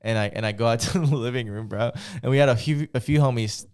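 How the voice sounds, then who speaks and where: Smooth-voiced young man telling a story. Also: mid-range voice, quick pace. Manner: animated storyteller, swears a lot, acts out quoted lines. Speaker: podcast host. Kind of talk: casual chat, storytelling.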